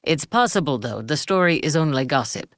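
A man's voice: fairly high pitch, expressive, brisk, fairly bright tone, dry recording, clean studio sound, voice pushed down. Woman reading as a confident young lifeguard. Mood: guarded. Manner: assured, a little guarded.

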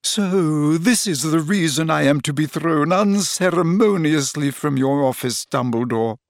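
A man's voice: a little high, unhurried, no room sound, clean studio sound, pitched above the performer's own voice. A man voicing a dramatic, eccentric middle-aged woman seer who speaks theatrically, as if wounded.

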